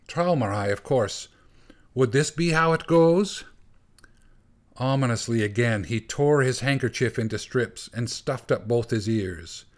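A man reading a storybook aloud as narrator, in a calm, measured way. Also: medium pitch.

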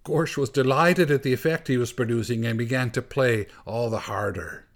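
A man reading a storybook aloud as narrator, in a calm, measured way. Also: mid-range voice.

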